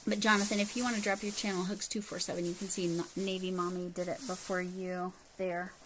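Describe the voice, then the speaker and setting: A woman's voice: lowish voice, little pitch movement, fairly quick, noisy background. A middle-aged woman chatting casually on a livestream. She talks straight to her viewers, reads their comments aloud and thanks them, all while handling and describing yarn. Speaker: livestream host.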